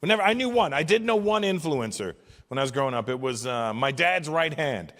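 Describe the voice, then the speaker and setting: A man in his fifties from Canada doing stand-up comedy with profane, animated, exasperated ranting. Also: on the high side, a little fast, big-room sound. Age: 50s.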